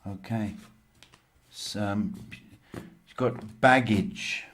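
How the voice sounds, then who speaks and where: Slow, halting man giving psychic readings. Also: lowish voice, steady tone, fairly bright tone. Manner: slow, halting, with many ums. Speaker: psychic reader and host. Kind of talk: live-stream tarot Q&A.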